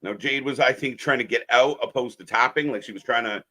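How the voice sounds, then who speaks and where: A man co-hosting a live wrestling watch-along, animated and swearing, talking to viewers as folks. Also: medium pitch, a little fast. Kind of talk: live alternative commentary chat.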